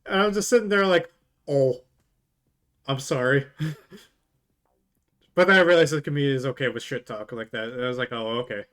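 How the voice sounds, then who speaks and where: A man's voice: fairly high pitch, steady tone, quick pace, pauses often, fairly bright tone, clean tone. Laughing, rambling tipsy male streamer. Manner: laughs often, swears, rambling with restarts. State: drunk. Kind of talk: casual live-stream chat.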